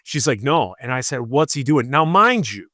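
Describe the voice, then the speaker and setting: A man's voice: medium pitch, very animated, normal speed, sharp tone, no echo, studio quality. A man, a police officer, casually telling a rambling story on a podcast and acting out the people in it. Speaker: podcast co-host.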